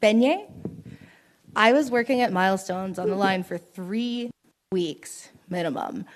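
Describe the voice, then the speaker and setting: A young woman performs stand-up at a small open mic night, her voice sitting at an ordinary middle pitch. She wanders through her stories in a rambling, self-deprecating way and giggles as she goes. Her voice is picked up by a stage mic in a small room. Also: a little slow. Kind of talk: stand-up comedy set.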